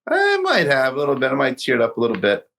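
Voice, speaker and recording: A man's voice: medium pitch, fast talker, gravelly. A middle-aged man telling a golf story in a casual interview, acting out what he and others said along the way. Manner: animated storyteller, acts out his own past lines. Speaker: guest golfer telling his story.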